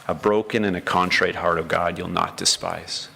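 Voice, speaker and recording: A man's voice: low-pitched, fairly even intonation, normal speed, gravelly, pushed and bright, slight background noise. A man preaching a sermon as pastor, earnest, acting out the prayers of the story with feeling.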